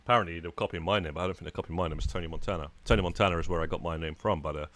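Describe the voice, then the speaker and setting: Low-voiced guy streaming a game, chatting to chat, lots of uh and man. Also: steady tone, rapid-fire, fairly bright tone, dry recording. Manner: chatty, frequent "uh" and "man", talking to chat while playing. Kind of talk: casual live-stream chat.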